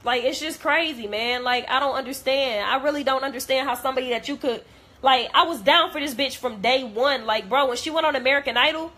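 Young woman vlogger, husky and raw, venting hurt bluntly with plenty of swearing. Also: high voice, fairly quick, sharp tone. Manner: blunt, profane, hurt and heartfelt. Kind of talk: emotional rant to camera.

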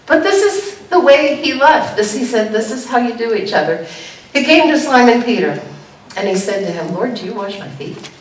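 Woman, pastor, animated sermon, echoey sanctuary, distant mic. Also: normal speed. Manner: animated preaching with sudden high exclamations. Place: church sanctuary. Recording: echoey church room heard from a distance.

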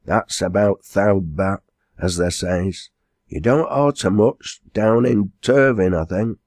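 A man's voice: lowish voice, slow, a little mellow, no room sound, studio quality. A man voicing a cheery, hungry old yard servant with a broad Lancashire dialect, jovial and sing-song, in an audiobook. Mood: hearty.

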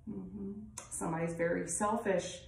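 A woman's voice: on the low side, fairly even intonation, moderate pace, vocal fry. A woman giving a casual tarot reading, talking bluntly and rambling, with frequent swearing. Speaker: tarot reader. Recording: roomy, distant mic, faint noise.

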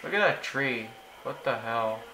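A young man giving casual, excitable commentary while he plays a video game, often exclaiming in frustration. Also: mid-range voice, a little slow, background noise. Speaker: gaming YouTuber.

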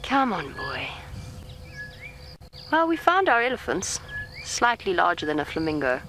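Talking softly to an elephant from a safari vehicle in the bush, a calm female guide coaxes the animal while narrating live for viewers. Her voice is lowish and a little slow, with faint outdoor sounds and insects behind her.

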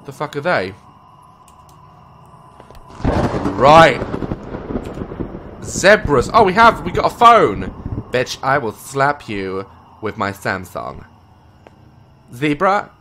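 Loud swearing English gamer with a lively pitch. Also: male voice, takes it slowly, long pauses, background noise. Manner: loud, swearing, jokey, jumpy yelps. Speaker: gaming YouTuber. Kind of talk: let's play commentary.

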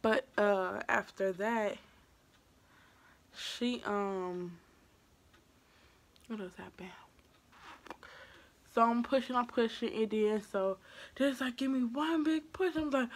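A young woman vlogger telling a personal story in a casual, animated way, acting out what people said and swinging from hushed to loud. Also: fairly high pitch.

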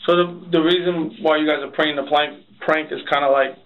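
A man's voice: a little high, steady tone, a little fast. A man interrogating a suspect, asking hesitant, tentative questions. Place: interrogation room. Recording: tinny, distant room recording.

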